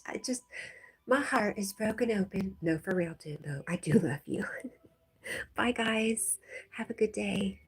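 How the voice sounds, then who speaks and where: A woman's voice: mid-range voice, a little slow, slightly rough. A woman from Connecticut hosting a casual livestream, chatting, laughing often and reading viewer comments aloud. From Connecticut, USA. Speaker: livestream host.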